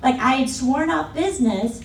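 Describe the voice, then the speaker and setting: A middle-aged woman giving a keynote talk at a conference, telling stories in an animated way and acting out the voices of the people she quotes, often laughing as she speaks. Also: high voice, moderate pace, gravelly, recorded from a distance, faint music behind. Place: large conference hall. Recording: echoey hall from afar, faint room noise.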